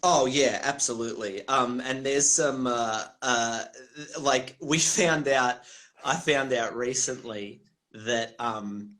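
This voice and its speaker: A man's voice: medium pitch, slow, bright, forceful tone. Australian man, comedian guest, casual storytelling, rambling, swears, laughs a lot. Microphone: video call.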